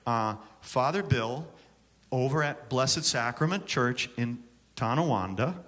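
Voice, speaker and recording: With a lively intonation and a slightly slow pace, a man from Syracuse, New York presents a songwriting workshop, joking and bantering with the live audience. His voice is medium-pitched and fairly bright, and the conference hall adds long reverb.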